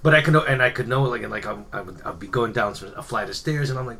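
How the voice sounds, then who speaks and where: A man in casual chat, recounting dreams in a halting, searching way with many restarts. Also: mid-range voice, bright, forceful tone, a little hiss or hum.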